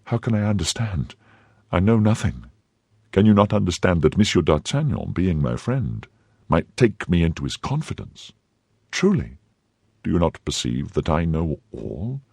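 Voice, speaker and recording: A man reading the part of a cunning noblewoman who hides her cruelty behind feigned warmth, with a husky voice. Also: deep voice, big pitch swings, moderate pace, no room sound, clean studio sound, full character voice. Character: cunning noble lady, cold schemer.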